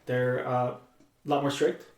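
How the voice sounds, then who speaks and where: Young man telling stories calmly in an echoey room. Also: mid-range voice. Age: young adult. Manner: measured, clears throat often. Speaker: guest. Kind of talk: casual conversation. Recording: echoey room, mic at a distance.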